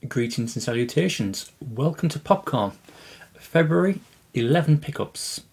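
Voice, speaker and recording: A man's voice: medium pitch, animated, moderate pace, vocal fry, over music. A man hosting a casual unboxing vlog about his film collection, talking in a rambling, hesitant way with lots of fillers and restarts.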